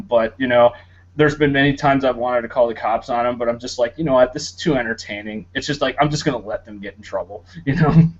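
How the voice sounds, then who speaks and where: A man's voice: mid-range voice, dull audio. A man on a casual podcast, telling stories in a chatty way with laughs and fillers. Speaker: podcast host. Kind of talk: casual chat.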